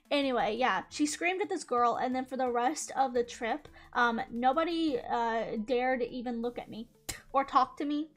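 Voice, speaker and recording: A young woman chatting casually through a storytime, animated and swearing freely. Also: high voice. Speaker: YouTuber.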